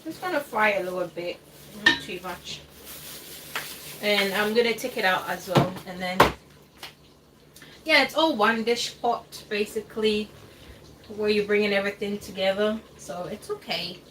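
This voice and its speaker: Her mid-range voice moves a little slowly, broken by long pauses, as she hosts a home-kitchen cooking livestream. The chat is rambling and casual, full of laughter and hesitant fillers, recorded from a distance with faint noise behind it.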